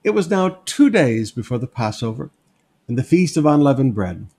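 In a mellow, sing-song, medium-pitched voice with a breathy edge, a pastor moves verse by verse through Scripture at a normal speed. He teaches conversationally and emphatically, sketching on a board and regularly pausing to flag points with "notice" and "okay?"

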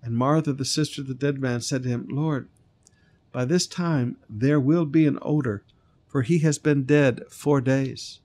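A man's voice: mid-range voice, a little slow, darkish tone. A man preaching a sermon, retelling a scripture story, stressing key lines and sometimes singing short phrases. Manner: preaching with rising emphasis, breaks into sung lines. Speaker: pastor.

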